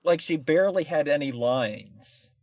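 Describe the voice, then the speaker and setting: A man's voice: fairly high pitch, animated, measured pace, darkish tone, no room sound. Podcast co-host, male, sarcastic and rambling, lo-fi dry recording. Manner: rambling, sarcastic, many fillers. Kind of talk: casual comedic film review chat.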